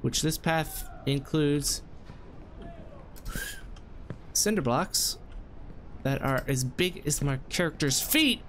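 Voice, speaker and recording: A man doing let's-play commentary, anxiously coaching and scolding himself out loud, his voice jumping high under stress. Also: expressive, slow, a little hiss or hum. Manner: anxious self-talk, scolding and coaching himself through jumps. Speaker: gameplay commentator.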